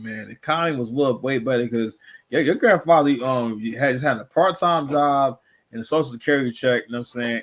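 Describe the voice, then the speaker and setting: A man's voice: mid-range voice, a bit bright. A man hosting a casual reaction commentary show, rambling and repeating himself with constant filler phrases.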